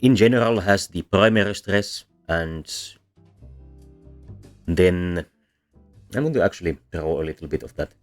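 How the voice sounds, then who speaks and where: A man with a very deep voice talks through a lesson, stopping often to correct himself and fill gaps with ums. Faint music plays quietly under his explanation. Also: lively intonation, measured pace, pauses often. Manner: hesitant, many ums and self-corrections. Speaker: language teacher. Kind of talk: explanatory lecture while drawing.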